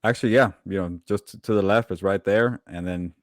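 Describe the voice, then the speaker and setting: Sports reporter co-host, man, low voice, rapid teasing banter, dry recording. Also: no room sound. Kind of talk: casual chat.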